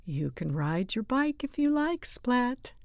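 Patient storybook mother cat, soft and coaxing, unhurried, woman reading. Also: a little high, big pitch swings, creaky, no echo, clean studio sound, pitched above the performer's own voice, heavily acted. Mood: gentle.

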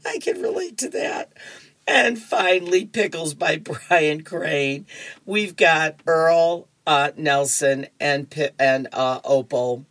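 A woman's voice: low voice, lively intonation, slow, fairly bright tone, dry recording. A woman radio reader chatting and reading comic strips aloud, laughing between them.

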